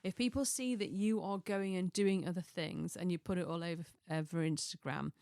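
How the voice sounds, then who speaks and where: A middle-aged woman chats in a relaxed, rambling way, doubling back on herself and chuckling at her own asides. Her voice sits slightly low. The recording is dry and close, with no room sound. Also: normal speed, gravelly, no echo. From Chester, England. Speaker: lifestyle vlogger. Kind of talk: casual chatty monologue.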